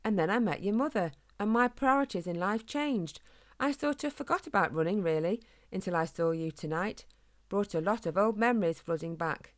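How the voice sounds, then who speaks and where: A woman's voice: medium pitch, animated, moderate pace, no echo, studio quality, lightly acted. A woman voicing a kindly father hedgehog who tells old stories in a chatty, folksy way. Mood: fond.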